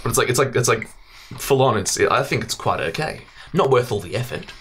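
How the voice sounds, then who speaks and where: Young australian man, casual podcast chat, swears and jokes, bouncy pitch, faint hiss. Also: expressive, a little fast, a bit bright. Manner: joking, swearing, self-mocking, laughs often. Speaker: podcast co-host.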